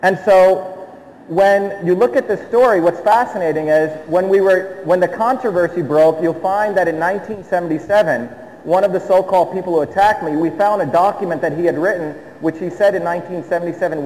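A man's voice: high voice, a little fast, a little mellow, a little hiss or hum. A middle-aged man from India giving a public talk, emphatic, who keeps checking in with the audience through rhetorical questions. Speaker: speaker addressing an audience. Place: hall with an audience. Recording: long hall reverb.

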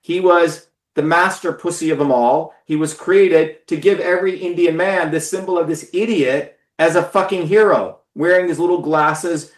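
A man's voice: a little high, moderate pace, hardly any pauses, echoey room. A man hosting a live stream, giving a blunt, profane, emphatic political monologue to viewers. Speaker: host of a live call-in stream.

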